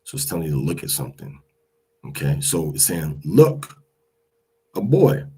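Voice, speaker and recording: A man's voice: very deep voice, steady tone, brisk, a little mellow, breathy edge. A man teaching a language lesson, patiently repeating each pronunciation several times.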